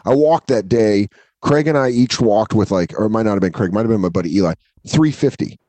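A man's voice: lowish voice, brisk, no room sound. A man telling a story on a podcast, swearing freely and acting out the people in it. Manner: profane, animated, acts out the people in his stories. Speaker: podcast co-host, comedian.

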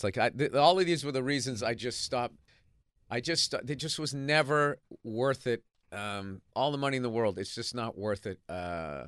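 A man tells profane, animated stories as a comedian guest on a radio talk show. His throat is a little rough from a cigar. He speaks close to a dry studio mic. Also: mid-range voice, no echo.

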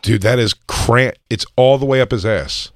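A man casually telling a crude story with laughter and loud, animated impressions of others. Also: mid-range voice, normal speed.

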